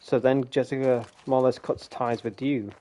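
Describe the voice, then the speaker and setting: Speaking through a gaming headset, a young streamer chats casually over his gameplay, laughing a lot and cursing. His medium-pitched voice is mellow, with a flat delivery at normal speed.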